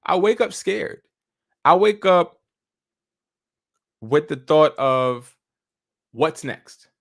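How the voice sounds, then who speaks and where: Man, live stream host, casual storytelling, slang, swears, lively pitch. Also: very slow, creaky. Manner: loose, storytelling with slang and profanity.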